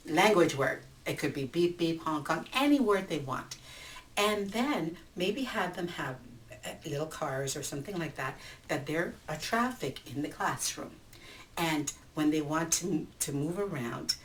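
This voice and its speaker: A woman author walking teachers through her picture book, explaining in an animated way and checking in with frequent asides. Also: sits low, far from the mic, a little hiss or hum, low-quality recording. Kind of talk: book talk tutorial for teachers.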